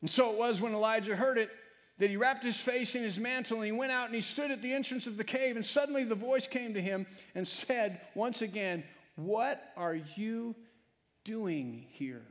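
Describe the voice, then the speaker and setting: A male pastor preaching a sermon, swinging between loud, emphatic lines and hushed, quiet ones. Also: extremely high pitch, fairly quick. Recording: long hall reverb.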